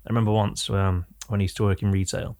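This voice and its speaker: Young northern English man, Oldham accent, gravelly, rambling storyteller co-host of a casual podcast. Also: fairly low pitch, flat delivery, fast talker, darkish tone. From England. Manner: rambling anecdotes, self-correcting. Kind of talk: casual chat.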